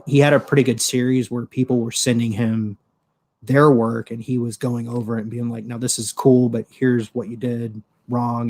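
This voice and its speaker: A man hosting his own show on a livestream, talking casually in a rambling, profane way with lots of fillers, into a desktop microphone with a pop filter. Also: lowish voice. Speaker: show host. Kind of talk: casual solo commentary.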